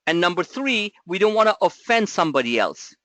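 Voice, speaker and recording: During a live webinar on market commentary, this male trading coach speaks briskly in a high, sing-song voice that sounds bright and forceful on a dry recording. His delivery is blunt and emphatic, packed with rhetorical questions and offhand curses.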